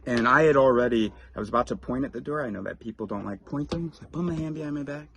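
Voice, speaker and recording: A man vlogging, telling a story in a rambling, casual way with quick asides and restarts. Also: mid-range voice, a bit bright, a little hiss or hum.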